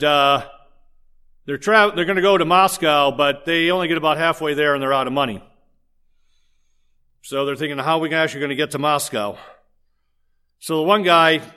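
A man preaching a sermon, telling stories in an animated way and joking with the congregation. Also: a little high. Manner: animated storytelling with jokes to the congregation. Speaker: pastor.

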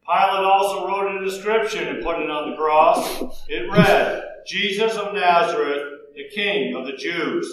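A man reads scripture aloud in a steady, solemn, measured way. His voice sits high for a man, and the recording is very echoey with faint noise behind it. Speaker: narrator.

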